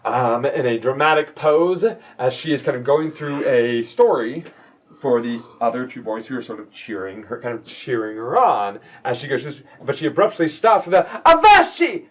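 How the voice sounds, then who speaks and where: A man serving as game master, narrating a tabletop game in a descriptive, halting way. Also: mid-range voice. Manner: descriptive, halting, full of fillers.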